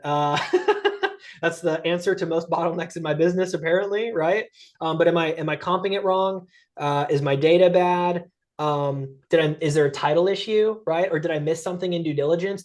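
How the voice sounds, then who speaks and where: A middle-aged man giving an energetic, conversational webinar talk as a sales coach, often checking in with "right?" and "guys". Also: a little high, brisk. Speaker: guest speaker and sales coach. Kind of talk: webinar presentation.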